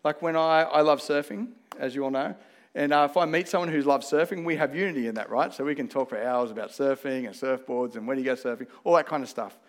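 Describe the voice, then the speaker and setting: A man's voice: mid-range voice, fast. A man with an Australian accent preaching a sermon, earnest and conversational, weaving in personal stories. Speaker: pastor.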